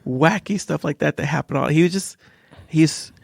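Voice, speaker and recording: A man's voice: a little high, normal speed, gravelly, slightly rough, no room sound, clean studio sound. A man talking casually as a father sharing stories, acting out the voices of people he quotes. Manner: animated storyteller who acts out quoted voices. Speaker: father sharing his story. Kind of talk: casual conversation.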